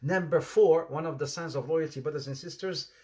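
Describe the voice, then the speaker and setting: A man giving an informal sermon, telling anecdotes in an animated way with laughter and repetition. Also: on the high side, fairly quick. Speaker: Islamic preacher.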